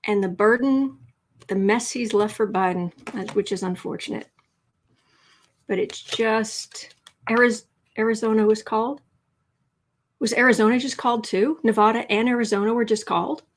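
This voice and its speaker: Excited, teary woman on a live stream. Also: a little high, normal speed, a little hiss or hum. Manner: excited, emotional, laughing. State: teary, shaky voice. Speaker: tarot reader host. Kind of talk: emotional live-stream chat.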